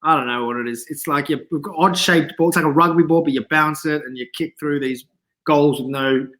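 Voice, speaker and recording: A man, a comedian guest in a casual interview, telling animated anecdotes and laughing often. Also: a little high, fairly quick. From Australia.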